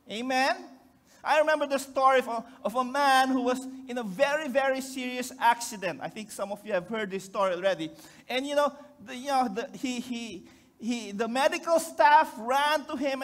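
High-voiced Filipino pastor preaching. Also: male voice, a bit bright. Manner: joking, keeps asking the congregation for responses. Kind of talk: conversational sermon.

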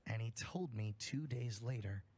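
A man's voice: mid-range voice, unhurried, heavy background noise. A man reading a campfire horror story aloud in an emphatic storytelling manner, full of swearing.

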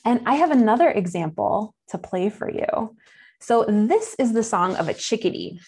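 A woman's voice: mid-range voice, lively intonation, normal speed, a little mellow, slightly rough. A young adult woman with a Buffalo, New York accent, giving an enthusiastic, chatty nature lesson for kids. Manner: enthusiastic, chatty, with fillers and laughs. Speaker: nature educator.

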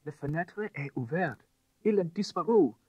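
A man voicing a frightened French lady's maid with a French accent and a high, shrill voice. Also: lively intonation, moderate pace, darkish tone, slightly rough, no room sound, lo-fi sound. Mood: alarmed.

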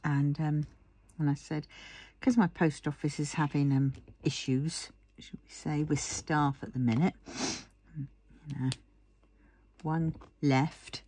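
A woman's voice: deep voice, fairly even intonation, takes it slowly, dark tone, husky. A tired woman chatting in a rambling way while she works on a diamond painting, yawning and murmuring to herself. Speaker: craft vlogger.

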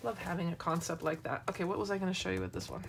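Chatty and full of rambling asides, a middle-aged woman leads a casual craft tutorial while she works. Her lowish, creaky voice is sing-song and very fast, and a little hiss or hum can be heard.

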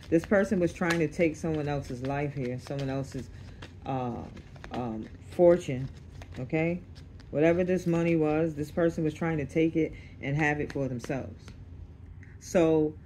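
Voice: mid-range voice, a little mellow, a little hiss or hum. A tarot reader doing a casual reading to camera, blunt and streetwise, swearing freely and checking in with the listener. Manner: checks in with the listener, repeating "okay?".

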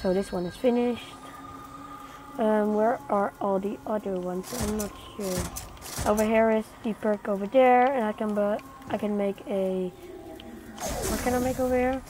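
Here a young gaming channel host, not a native English speaker, chats her way through her gameplay in a mid-range voice at normal speed. Startled exclamations punctuate her casual commentary. The home recording is noisy.

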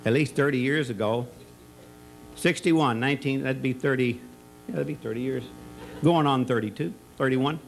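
A man's voice: mid-range voice, normal speed, creaky, faint music behind, poor audio. Rambling folksy man telling party stories. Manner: rambling storyteller who tells jokes with many restarts and fillers. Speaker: retirement party speaker, former school colleague. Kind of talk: folksy anecdotal speech at a party. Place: party or banquet room.

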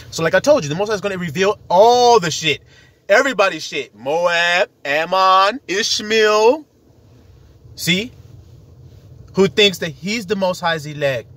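This self-styled preacher speaks in a high, slightly bright male voice. His monologue is loose and profane, mixing scripture with street slang, and he laughs as he imitates the words of others.

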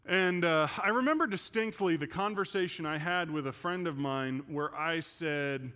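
A male pastor preaching in a church, telling a personal story and moving from hushed, quiet passages to loud, intense ones. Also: high-pitched, animated, brisk, few pauses. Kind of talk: sermon.

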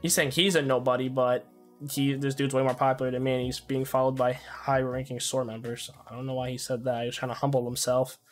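A young man talks through a gripe about another player in a loose, rambling way, full of fillers. His pitch sits in an ordinary middle range but barely moves, so the delivery sounds flat. Soft music plays faintly underneath. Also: brisk. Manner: rambling, complaining, many fillers. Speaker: gaming YouTuber. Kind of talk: casual recounting commentary.

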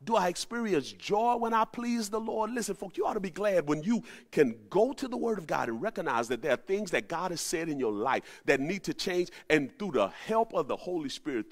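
A man preaching a sermon, animated, rising to emphatic peaks and dropping to low asides. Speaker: pastor. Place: at home during the pandemic.

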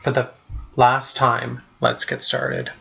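A man's voice: medium pitch, monotone, slow, gravelly. A man narrating a novel as a podcast audiobook, reading steadily and evenly. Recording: slightly dull lo-fi recording.

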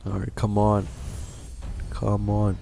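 Male gaming host, casual and exasperated, swears freely, talks slowly. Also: fairly low pitch, monotone, gravelly, dark tone, slight background noise. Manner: frustrated, swearing, grumbling at bad luck. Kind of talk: casual game commentary.

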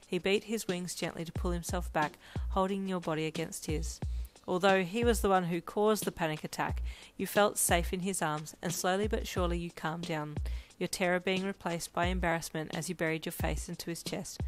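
A woman reading a fanfiction story aloud in a soft, expressive narration. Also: lowish voice, fairly quick, faint music behind. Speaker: fanfiction reader.

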